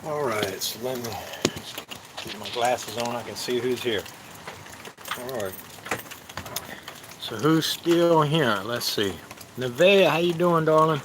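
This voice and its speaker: There's background noise as a medium-pitched man runs a live cooking stream. He talks to his viewers in a relaxed, stop-and-start way, leaning on plenty of filler words.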